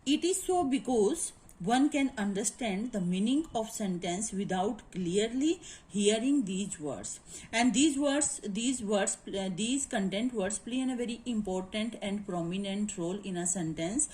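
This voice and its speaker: A woman's voice: mid-range voice, lively intonation, measured pace, a little mellow, low-quality recording. A woman teacher with an Indian English accent, explaining grammar in a lecture and checking that students follow. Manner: explanatory, repeats points and asks "is it clear?". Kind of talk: classroom lecture.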